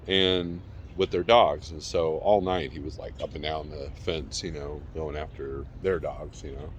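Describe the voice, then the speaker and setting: Low-voiced guy rambling in his backyard, bit of faint noise around. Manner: rambling, chatty, calls out to his dog. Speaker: vlogger. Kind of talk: casual vlog talk. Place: backyard outdoors.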